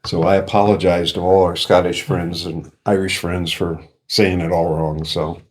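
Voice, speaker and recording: A man's voice: low-pitched, flat delivery, normal speed. A man co-hosting a beer review, casually describing aromas and flavors, at times self-deprecating. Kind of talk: casual chat.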